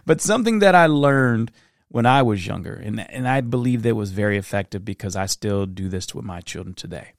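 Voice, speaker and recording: A middle-aged man hosting a reflective solo podcast, talking earnestly in a storytelling way that turns soft-spoken at times. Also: on the low side, expressive, a little fast, no echo, clean studio sound. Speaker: podcast host.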